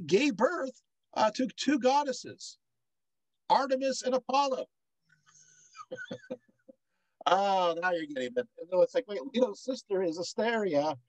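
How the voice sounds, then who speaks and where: Slow-talking playful male lecturer. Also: high voice, a little mellow, no room sound, rough recording. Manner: playful, full of rhetorical questions and asides. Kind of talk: informal public lecture.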